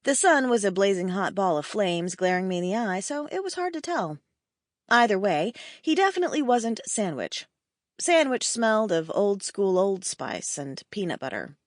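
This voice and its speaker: A woman narrating a first-person audiobook in a wry, expressive storytelling manner. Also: medium pitch, normal speed, dry recording, studio quality.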